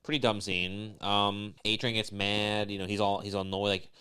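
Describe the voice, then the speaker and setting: A man co-hosting a podcast, giving a sarcastic, deadpan comedic recap of a TV episode. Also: on the low side, normal speed, smooth. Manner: mimics characters in mocking voices. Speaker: podcast co-host.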